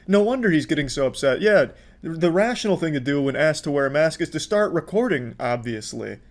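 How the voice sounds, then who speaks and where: A man's voice: fairly high pitch, animated, brisk. A man with a slightly raised voice delivers sarcastic reaction commentary. He swears freely and mocks everything he watches in a dry, biting tone. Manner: sarcastic, mocking, profane.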